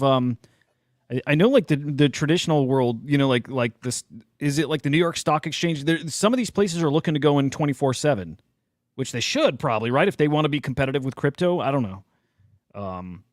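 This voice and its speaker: A man co-hosting a casual crypto chat show, excitable and swearing freely. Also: on the high side, dry recording, clean studio sound. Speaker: co-host.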